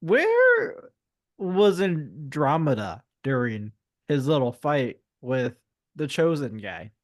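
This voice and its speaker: A man co-hosting a podcast, chatting casually about a book in a relaxed, joking way and swearing now and then. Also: medium pitch, slow pace, no echo, clean studio sound. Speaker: podcast co-host.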